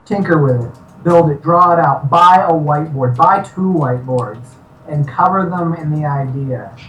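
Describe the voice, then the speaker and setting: A man's voice: a little high, moderate pace, fairly bright tone, lo-fi sound. Guest: man, studio head, upbeat and jokey, far off the mic in a roomy space, faint hiss. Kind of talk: casual interview over a call. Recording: distant echoey mic with faint noise.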